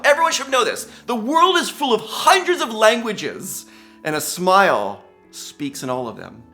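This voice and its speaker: A man's voice: high voice, pushed and bright. A gray-haired man giving an upbeat, enthusiastic motivational commencement speech, laughing often. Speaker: commencement speaker. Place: large ceremony hall.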